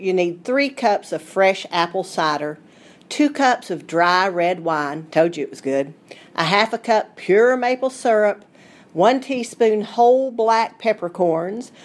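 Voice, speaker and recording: Folksy Southern Appalachian woman. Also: medium pitch. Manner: folksy, chatty delivery. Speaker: food writer. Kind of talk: recorded radio segment.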